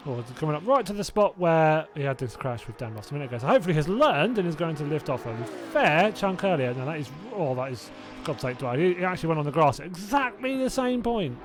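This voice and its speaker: A man's voice: a little high, sing-song, quick pace, hardly any pauses, music in the background. A young man casually hosting a live sim racing watch-along, chatty and reacting aloud, laughing often. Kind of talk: casual live-stream chat.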